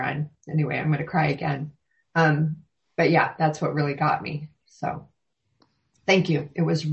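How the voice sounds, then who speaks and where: A woman thanking a meditation leader, rambling with many restarts as she is moved. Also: sits low. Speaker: meditation group participant. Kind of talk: emotional casual feedback. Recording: dull lo-fi audio.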